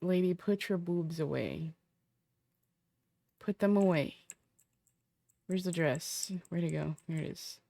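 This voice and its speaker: A woman's voice: fairly low pitch, takes it slowly, gravelly, pauses often, dark tone, no room sound. A woman streamer chatting casually and profanely with her viewers, rambling half to herself. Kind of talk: casual chat to stream viewers while setting up a roleplay character.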